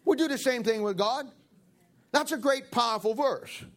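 A man's voice: extremely high pitch, normal speed, fairly bright tone. A man preaching a sermon in a folksy, joking way, acting out little everyday scenes. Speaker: pastor.

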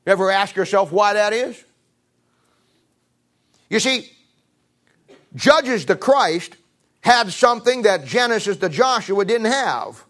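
A man preaching with a high voice. He drives points home with repetition, climbing to raised emphasis and then dropping low. His delivery is a steady sermon cadence. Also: takes it slowly, pauses often. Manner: repeats phrases, restarts.

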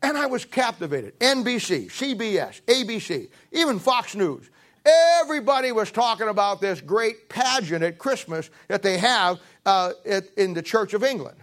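A man's voice: high-pitched, expressive, normal speed, a bit bright. A man preaching in a folksy, joking storytelling style, often repeating himself. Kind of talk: storytelling sermon.

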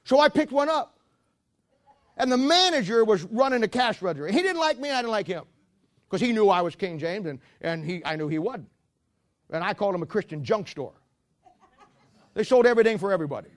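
A man's voice: sits high, sing-song, fairly quick, long pauses. A man pastor preaching a sermon as a rambling, joking storyteller who walks about while he preaches.

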